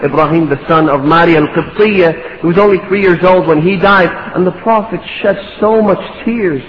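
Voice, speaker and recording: High-voiced man preaching in an echoey hall. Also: moderate pace. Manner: impassioned, rising to pleading rhetorical questions. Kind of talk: sermon. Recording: echoey hall, dull lo-fi sound.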